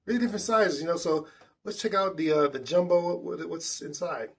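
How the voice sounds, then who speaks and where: A man's voice: a little high, expressive, a little fast, husky. A man hosting a casual snack tasting vlog indoors at a table, chatty and enthusiastic with loose restarts. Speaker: food vlogger.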